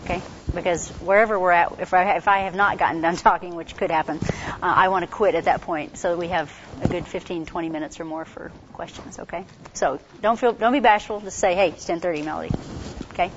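A woman with a congested voice giving a casual workshop talk on campus ministry, chatty and quick, full of fillers and restarts. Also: on the low side, fairly even intonation, background noise. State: congested from a cold. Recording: dull lo-fi recording.

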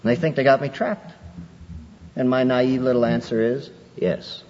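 A man preaching a sermon, lively and conversational, acting out people's excuses in a raised voice. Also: moderate pace. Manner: animated, acts out quoted excuses in a higher voice. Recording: muffled old hall recording with faint noise.

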